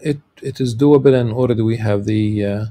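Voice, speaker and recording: A man giving a lecture, reading a religious text and explaining it in a halting way, with many filler sounds and restarts. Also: fairly low pitch, mellow.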